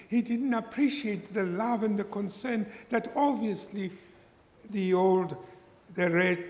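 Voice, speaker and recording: A man preaching a sermon, telling a story slowly and deliberately and acting out its characters. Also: high voice, creaky. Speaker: pastor. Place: church hall. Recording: echoey church hall with long reverb.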